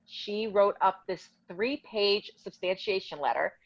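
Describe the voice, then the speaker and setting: A woman's voice: medium pitch, measured pace, dry recording, muffled recording. A woman telling her own story in a casual interview, heated and indignant as she recounts dialogue.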